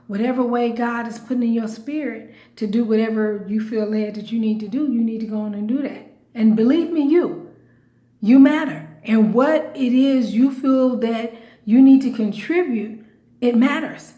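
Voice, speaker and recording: A woman vlogger with a fairly high voice talks to her viewers in a loose, chatty way. She leans hard on repeated phrases and laughs often. The room adds a clear echo. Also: moderate pace, mellow. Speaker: vlogger and comedian. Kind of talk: casual direct-to-camera talk. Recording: echoey room.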